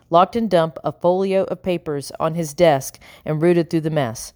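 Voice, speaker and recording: A woman reading an audiobook in a measured, expressive narrating style. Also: deep voice, dry recording, clean studio sound. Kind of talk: scripted narration.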